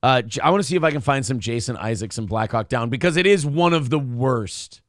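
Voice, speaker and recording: An American man co-hosting a casual morning talk show, animated, bursting into mock shouts and reading out chat comments. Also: medium pitch, fairly quick, no room sound, studio quality. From United States. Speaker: co-host.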